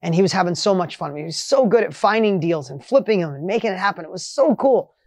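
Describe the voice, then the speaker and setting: A man hosting a motivational podcast, telling a coaching story with emphatic energy that swings between loud highs and quiet asides. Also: lively intonation, fast, no echo.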